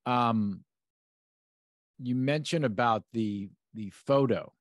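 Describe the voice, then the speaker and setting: A man hosting a podcast, talking through an episode in a measured, analytical way, often restarting his sentences. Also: medium pitch, no room sound, studio quality. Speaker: podcast host. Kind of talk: episode discussion.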